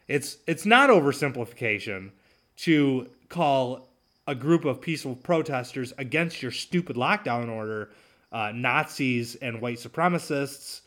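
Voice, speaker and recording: A man's voice: medium pitch, expressive, normal speed, fairly bright tone. A man hosting his own talk show, ranting sarcastically and mocking his opponents. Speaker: podcast host. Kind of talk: solo talk show commentary.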